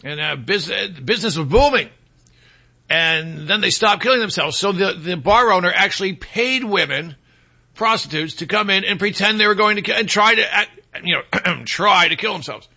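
Sarcastic male talk host, mocking asides, cutting bright voice. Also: sits high, animated, moderate pace, gravelly. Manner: sarcastic, mocks people in put-on quoted voices. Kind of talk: opinionated talk radio monologue.

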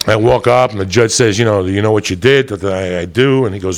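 A man doing profane stand-up storytelling on a club stage, loud and shouting his punchlines. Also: on the low side, animated, quick pace, creaky. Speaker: stand-up comedian.

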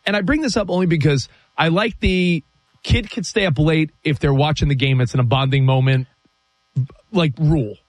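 A middle-aged man from the US East Coast co-hosting a casual sports talk show, telling animated stories and laughing easily. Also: fairly high pitch, dry recording. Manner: animated, storytelling, quick to laugh.

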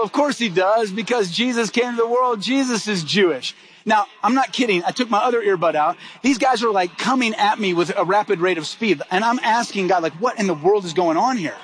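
A middle-aged man preaching a sermon, telling a story with lively acted-out dialogue. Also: high voice. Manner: animated, acts out dialogue in quick bursts. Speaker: pastor.

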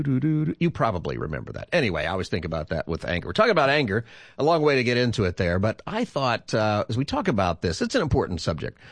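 Male radio host, 50s, low and lively, rambling and chatty, dry close sound. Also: no echo. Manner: animated, rambling and chatty, laughs easily. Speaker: radio show host and pastor. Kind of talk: call-in radio talk.

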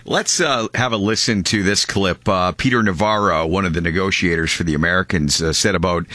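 A radio host with a very low voice talks casually and hesitantly. He fills his sentences with uh. The sound is dry and close. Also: fairly even intonation, a little fast, sharp tone, dry recording. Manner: casual, hesitant, many uhs. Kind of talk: radio talk-show hosting.

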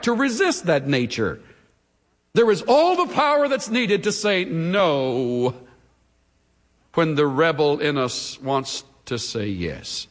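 A man preaching a sermon as pastor, with dramatic pauses that build to emphatic peaks. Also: on the high side, a bit bright, big-room sound.

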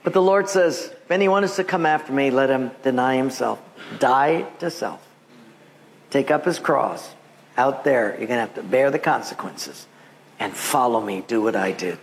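A man preaching as a pastor, telling animated personal stories and acting out the voices of the people in them, laughing often. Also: mid-range voice, normal speed. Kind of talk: sermon with storytelling.

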